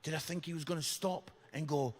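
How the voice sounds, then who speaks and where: A man telling a lively comic story to a church crowd, shouting out the big moments. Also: fairly high pitch, a little fast. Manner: lively, animated storyteller who shouts punchlines. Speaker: guest comedian speaker. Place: large church hall. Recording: echoey hall reverb.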